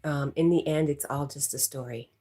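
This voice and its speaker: A woman's voice: sits low, steady tone, normal speed, warm tone. A woman hosting a livestream, chatting casually and teasing as she reads viewer comments aloud, laughing often. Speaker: livestream host.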